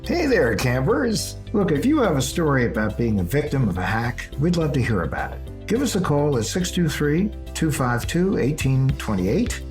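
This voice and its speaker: A man co-hosting a podcast about scams, talking in a lively, jokey way. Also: mid-range voice, moderate pace, few pauses, soft background music. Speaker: podcast co-host. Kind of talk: casual podcast chat.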